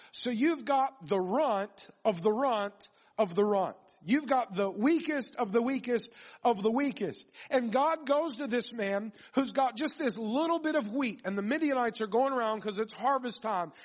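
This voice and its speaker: A man's voice: sits high, moderate pace. A man preaching a sermon, reading scripture aloud and then building his points with repetition and questions to the congregation.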